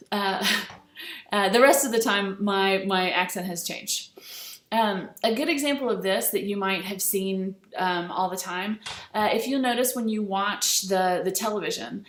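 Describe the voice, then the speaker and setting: A woman teaching a recorded lesson over slides, relaxed and chatty, with many fillers. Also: mid-range voice, a little slow. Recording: echoey room.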